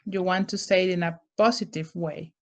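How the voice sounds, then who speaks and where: A woman teaching English grammar in a recorded lesson, explaining slowly and carefully with frequent restarts. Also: lowish voice, steady tone.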